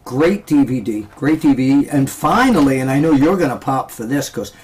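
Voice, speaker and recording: A man hosting a casual interview at an ordinary middle pitch. He halts often, with filler sounds between his words. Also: expressive, a little mellow, slight background noise. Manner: halting, many fillers. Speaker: interview host.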